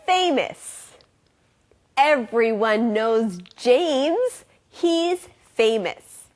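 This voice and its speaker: A woman's voice: a little high, lively intonation, very slow. A woman hosting a children's English lesson show, with a bubbly teacher's delivery. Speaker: host.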